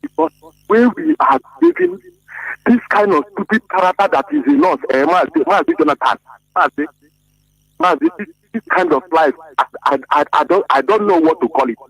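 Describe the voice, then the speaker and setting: A man's voice: high-pitched, big pitch swings, moderate pace, creaky, fairly bright tone, breathy edge, rough recording. A man calling a radio show, preachy and fervent, with emphatic peaks. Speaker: radio call-in caller. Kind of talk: impassioned call-in comment.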